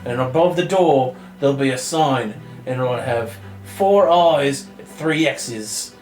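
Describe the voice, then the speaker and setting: A man's voice: medium pitch, slow, a little mellow, reverberant, soft background music. A man running a tabletop game as game master, narrating loosely with lots of fillers and laughter. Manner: loose, rambling, laughs often.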